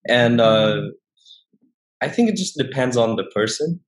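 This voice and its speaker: Young Vietnamese man, halting guest talk. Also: mid-range voice, animated, low-quality recording. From northern Vietnam. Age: young adult. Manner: hesitant, many fillers and restarts. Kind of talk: casual interview chat.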